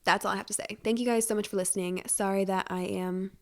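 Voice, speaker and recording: A young woman in her twenties hosting a casual solo podcast from home, talking quickly in a rambling, self-deprecating way, with a stuffy nose. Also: medium pitch, fairly even intonation, a little mellow. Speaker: podcast host.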